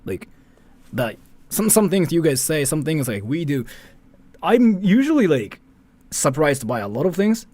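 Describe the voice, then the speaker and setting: A man's voice: a little high, very animated, unhurried, pauses often, darkish tone, no room sound. A man, chatting casually as a streamer in a rambling, filler-heavy way and swearing freely. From Japan. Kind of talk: casual commentary chat.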